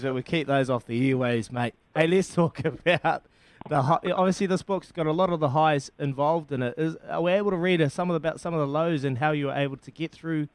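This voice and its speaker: A man's voice: fairly high pitch, no echo. A man hosting a casual chat, jokey and matey. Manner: jokey and matey, calls people bro and mate. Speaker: host.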